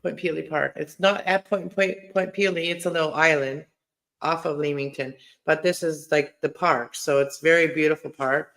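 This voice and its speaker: A man's voice: fairly high pitch, fairly even intonation, normal speed, creaky, fairly bright tone. A man who grew up in a Mennonite community in Mexico, chatting casually as a YouTuber and tripping over many "like" fillers. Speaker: YouTuber, co-host of live chat. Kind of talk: casual chat.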